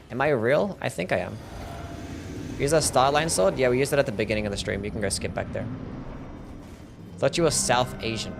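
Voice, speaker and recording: A man's voice: mid-range voice, normal speed, vocal fry, long pauses, background noise. A young Australian man casually commentating a live game stream, answering chat questions and swearing freely.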